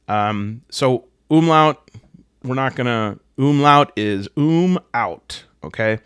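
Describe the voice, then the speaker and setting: A man's voice: medium pitch, animated, slow, a bit bright, clear, resonant tone. An American man chatting casually to camera about tabletop games. He jokes at his own expense and slips into goofy voices when quoting people. His voice sits mid-range, recorded close and dry with no room echo. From United States. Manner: joking, self-deprecating, puts on silly voices for quotes. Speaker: solo tabletop gaming host.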